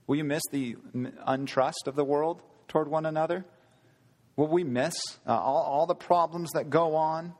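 A man preaching a sermon, earnest, asking the congregation rhetorical questions and slowing down for emphasis. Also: a little high, big-room sound. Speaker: pastor.

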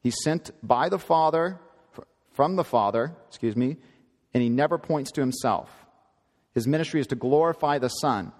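A man's voice: mid-range voice, moderate pace, in a large hall. A man preaching a sermon in an earnest, emphatic teaching manner, often repeating and correcting himself.

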